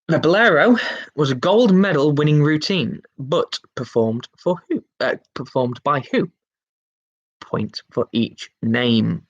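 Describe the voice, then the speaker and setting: Man, quiz host, mid pitch, reads questions twice, chatty asides. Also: lo-fi sound. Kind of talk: hosting an online pub quiz.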